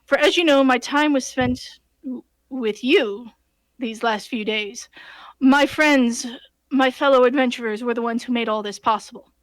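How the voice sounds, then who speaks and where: A woman's voice: a little high, measured pace, no echo, lightly acted, rough recording. A woman playing a courtly, humble male tiefling bard with flowery speech. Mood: earnest.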